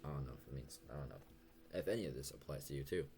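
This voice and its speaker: A young man talking softly and hesitantly in a late-night confessional vlog, stuttering and pausing as he goes. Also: a bass voice, animated, gravelly, soft background music. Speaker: vlogger.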